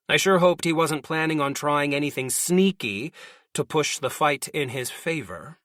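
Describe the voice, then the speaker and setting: A man reading a light novel aloud in first person, slow and deliberate. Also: a little high, a bit bright, no echo, clean studio sound. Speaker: audiobook narrator.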